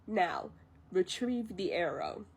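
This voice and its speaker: A woman voicing a stern young male army captain who gives curt, clipped orders in a breathy voice. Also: fairly low pitch, huge pitch swings, takes it slowly, a little mellow, full character voice. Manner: curt, commanding.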